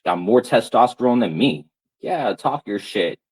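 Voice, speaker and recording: Husky man on an angry stream rant. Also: mid-range voice, animated, a little slow, darkish tone, poor audio. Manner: angry, profane, taunting.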